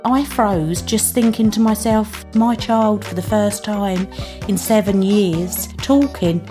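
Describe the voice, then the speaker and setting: A woman's voice: medium pitch, slow, warm tone. A British mother telling her own story in a plain-spoken, earnest and emotional way. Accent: British English. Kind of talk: first-person storytelling. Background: music underneath.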